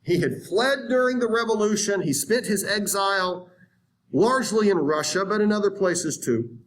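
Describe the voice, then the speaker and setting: A man giving a history lecture in an animated, conversational way, acting out historical viewpoints. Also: high voice, normal speed, slight background noise. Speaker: history teacher. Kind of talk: classroom lecture.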